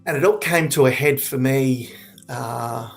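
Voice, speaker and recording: A man in his forties giving candid, earnest personal testimony, reflective and halting with frequent restarts. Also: medium pitch, vocal fry, soft background music. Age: 40s. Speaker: suicide prevention speaker.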